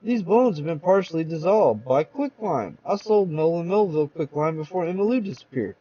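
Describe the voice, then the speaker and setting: A man's voice: fairly high pitch, animated, brisk, warm tone, highs cut off. A man voicing an agitated male druggist giving accusing testimony. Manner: agitated, rising exclamations.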